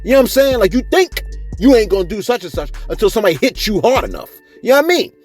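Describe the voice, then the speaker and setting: A man hosts celebrity gossip commentary in a slangy, chatty manner and keeps checking in with his viewers. His voice sits high and leaps all over the place. Faint music plays underneath. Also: racing. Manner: animated, slangy, repeats "you see what I'm saying". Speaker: host of celebrity gossip channel.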